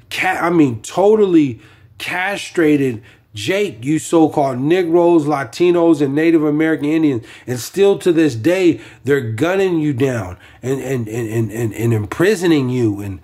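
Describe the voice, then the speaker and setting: Husky-voiced man preaching in a rambling way. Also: on the high side, a little mellow. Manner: rambling, many fillers and restarts, "man" as a tag. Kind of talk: informal sermon on scripture.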